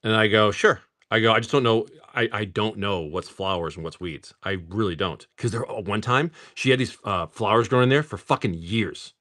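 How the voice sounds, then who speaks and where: A man's voice: on the low side, brisk, hardly any pauses, fairly bright tone. A middle-aged man hosting a casual live stream. He jokes, laughs often, swears freely and rattles off card names while opening packs.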